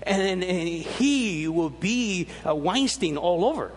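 Preacher, male, fairly high husky voice, lively emphatic sermon storytelling, long hall reverb. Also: slow. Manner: animated storytelling with emphatic rises and repeated restarts.

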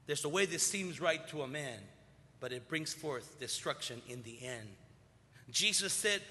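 A man in his sixties preaching a sermon, swinging from loud bursts to hushed lines. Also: a little high, moderate pace. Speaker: pastor. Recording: long reverb of a large hall.

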